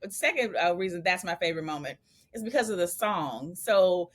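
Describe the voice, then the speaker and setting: A woman telling a story in a casual chat, animated and chatty, laughing often and using slangy asides. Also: lowish voice, normal speed. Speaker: bride and co-host of a couple's channel.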